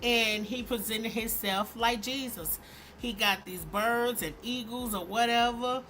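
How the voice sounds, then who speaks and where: A woman hosting a commentary vlog, talking in an animated, emphatic and sarcastic way. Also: fairly high pitch, unhurried, slight background noise. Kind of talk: opinionated commentary.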